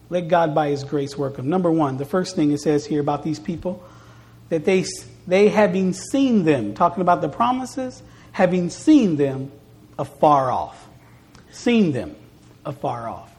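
At a church service, a woman with a lowish voice preaches, emphasizing her points by repeating phrases. Her delivery moves back and forth between soft and loud.

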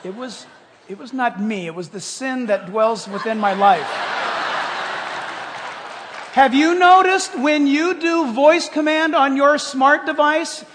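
An older man preaching a sermon as pastor, animated, swinging between loud exclamations and hushed asides. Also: very high voice, takes it slowly, crowd noise, noisy background. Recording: long hall reverb.

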